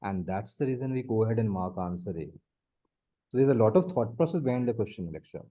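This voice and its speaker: This one-on-one math tutoring comes from a man with a lowish, dark, animated voice and a slightly fast pace. He breaks things down step by step, goes back over his points, and keeps addressing the student by name.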